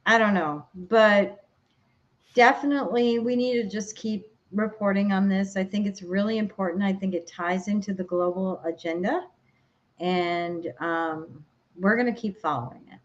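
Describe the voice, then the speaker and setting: A woman's voice: medium pitch, steady tone, measured pace, lo-fi sound. A woman from Minnesota with a Minnesotan accent, co-hosting a podcast in casual chat, rambling and searching for words. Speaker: podcast co-host.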